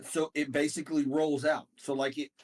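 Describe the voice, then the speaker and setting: A man's voice: on the high side, level tone, normal speed. A man co-hosting a podcast, laid-back and laughing as he tells stories. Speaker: podcast co-host. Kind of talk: casual comedic podcast chat.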